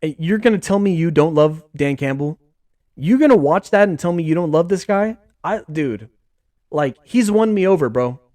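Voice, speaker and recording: A man hosting a sports podcast, talking in a casual, excitable, rambling way full of slang. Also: on the high side, normal speed, no echo. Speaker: podcast host.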